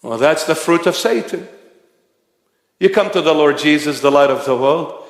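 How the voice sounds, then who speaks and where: A man preaching a sermon, forceful and at times shouting. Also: a little high, moderate pace. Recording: echoey hall.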